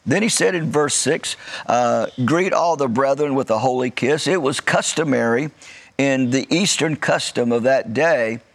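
A man delivers a sermon with a gravelly edge to his voice. His pitch sits in an ordinary middle range. He preaches in a measured way, slowing down to stretch out words he wants to stress. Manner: light joking asides. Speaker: pastor.

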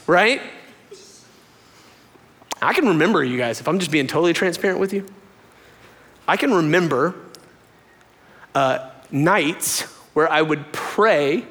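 Lively young man preaching in a hall. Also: measured pace, pauses often. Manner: animated storytelling, voices quoted lines in a much higher pitch. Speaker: pastor. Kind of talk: sermon. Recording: long hall reverb.

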